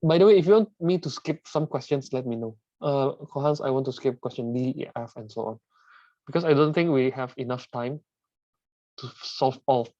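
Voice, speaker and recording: A man's voice: medium pitch, normal speed, dark tone, no room sound, muffled recording. A man teaching a math lesson, working through the examples step by step, often repeating words and asking "right?" after each step.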